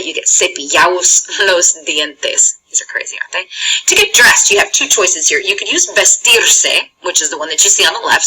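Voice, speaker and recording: A woman's voice: sits low, bright, forceful tone, slightly rough, rough recording. A woman teaching a Spanish lesson in a chatty, encouraging way, explaining step by step and checking in often. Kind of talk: recorded classroom lesson.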